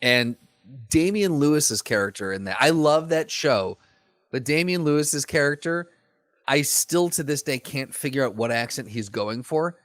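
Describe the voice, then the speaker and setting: A man's voice: fairly high pitch, expressive, normal speed, fairly bright tone, no echo. A man co-hosting a casual podcast, talking expressively, laughing into his sentences and restarting them. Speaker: podcast co-host.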